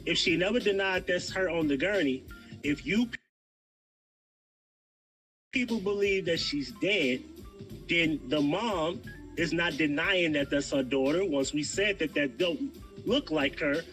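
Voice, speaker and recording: A man's voice: on the high side, a little slow, pauses often, fairly bright tone, faint music behind, rough recording. A man, arguing a theory as a guest on a livestream and insisting on finishing his point. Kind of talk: heated debate on a livestream.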